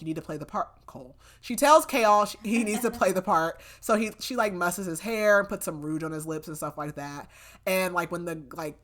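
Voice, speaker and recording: A woman's voice: on the low side, fairly bright tone. Chatty young woman recapping a book. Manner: chatty, filler-heavy retelling with quoted lines. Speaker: podcast co-host. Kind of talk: casual book recap chat.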